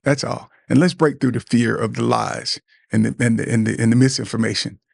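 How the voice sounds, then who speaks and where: A man's voice: mid-range voice, fairly even intonation, fairly quick, gravelly, no room sound, clean studio sound. A middle-aged man hosting a show, giving an earnest motivational talk to other men, repeating words and acting out what friends might say. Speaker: podcast host.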